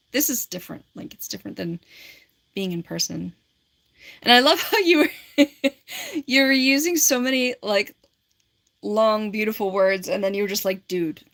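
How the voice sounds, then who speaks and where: A woman's voice: medium pitch, creaky, a bit bright. A woman in her forties on a casual livestream, reading and answering viewer comments in a rambling, giggly way with lots of filler words. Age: 40s.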